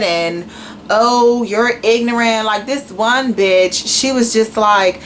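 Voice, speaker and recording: A woman's voice: fairly high pitch, unhurried, fairly bright tone, slight background noise, poor audio. A young woman from Washington, D.C., with a D.C. accent, ranting bluntly and with plenty of profanity to her camera. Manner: blunt and profane, with a slangy mixed urban delivery. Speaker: YouTuber. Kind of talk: casual rant to camera.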